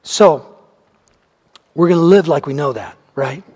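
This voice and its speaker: A man preaching a sermon, earnestly retelling a story, whose phrases often fade softly at the end. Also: on the high side, unhurried, breathy edge. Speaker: pastor. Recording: long hall reverb.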